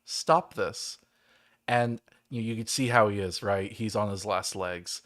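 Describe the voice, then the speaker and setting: A man's voice: fairly low pitch, steady tone, normal speed, a bit bright. A man hosting a livestream, rambling through a game story in casual chat with lots of fillers. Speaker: livestream host.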